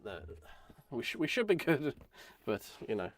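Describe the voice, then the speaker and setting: A man with a cold, talking in a croaky, gravelly voice as he chats casually and rambles through a live stream. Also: medium pitch, big pitch swings, measured pace. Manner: rambling, self-deprecating. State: hoarse from a chest infection. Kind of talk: casual live-stream chat while building.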